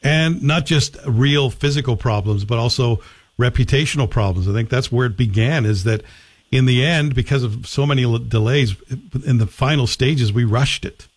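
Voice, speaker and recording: A male radio host talks through an interview in a conversational, thoughtful way. His voice sits at a middle pitch. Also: moderate pace.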